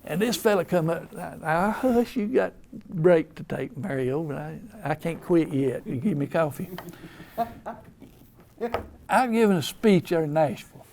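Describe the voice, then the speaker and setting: A man's voice: on the high side, animated, unhurried, vocal fry, darkish tone, slight background noise. An older man with an Appalachian accent, telling rambling, folksy stories in casual talk. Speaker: storyteller. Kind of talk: casual storytelling.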